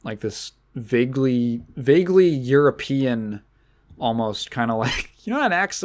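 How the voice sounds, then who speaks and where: A man's voice: medium pitch, lively intonation, normal speed. Rambling male podcast host. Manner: rambling, with many restarts and fillers. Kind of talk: casual solo podcast chat.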